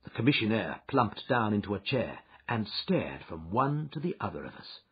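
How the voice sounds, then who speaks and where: A man reading a story aloud as narrator, in a measured storytelling delivery, in a dull, muffled recording. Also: fairly low pitch, very animated, breathy edge. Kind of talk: scripted narration.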